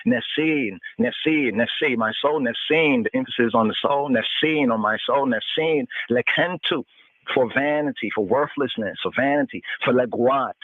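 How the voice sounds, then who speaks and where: A man steps slowly through scripture verse by verse, saying each word again and again as he translates it. His voice sits at a middle pitch. It comes through a dry, tinny phone line. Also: no echo. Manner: repeats words, chanting and translating. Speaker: radio host teaching scripture.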